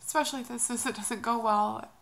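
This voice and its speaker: A young woman vlogging about a personal move, tearful and speaking in a halting, hesitant, soft way. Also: a little high, fairly even intonation, vocal fry, very noisy. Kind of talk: emotional personal vlog.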